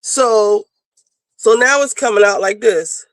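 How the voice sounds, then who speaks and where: A woman's voice: medium pitch, slow pace, no echo. A woman panelist in casual chat, talking bluntly and rambling with plenty of swearing. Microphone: video call.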